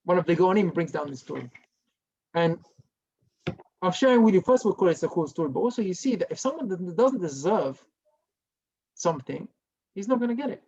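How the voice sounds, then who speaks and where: A male rabbi giving a Torah lesson as a story, lively and dropping to a hush for the dramatic parts. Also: high-pitched, a little fast, vocal fry, long pauses, highs cut off. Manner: animated storyteller who drops to a hushed tone for dramatic parts.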